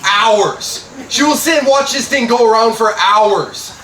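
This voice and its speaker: A young man from Scranton, doing a stand-up comedy set on a club stage with deadpan delivery and loud punchlines. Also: extremely high pitch, unhurried. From Scranton, Pennsylvania, USA. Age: young adult. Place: comedy club stage before a live audience. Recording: roomy club audio from a distance with noise.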